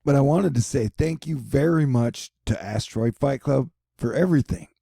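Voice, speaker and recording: A man's voice: medium pitch, normal speed, gravelly, mellow, no room sound, studio quality. A young man rambling sarcastically in a casual vlog from his apartment. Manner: rambling, sarcastic, self-mocking. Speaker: vlogger.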